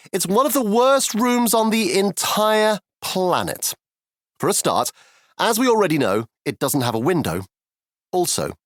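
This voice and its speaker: Man, children's audiobook narrator: lively, playful, dry close studio sound. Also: a little high, no echo. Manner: playful, conspiratorial asides to the listener. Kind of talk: scripted children's storybook narration.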